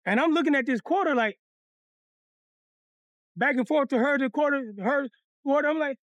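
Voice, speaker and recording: A man telling a funny story from his childhood, cursing freely and acting out the other people's voices in a lively, animated way. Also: extremely high pitch, normal speed, pauses often, dry recording, muffled recording. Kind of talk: comedic storytelling.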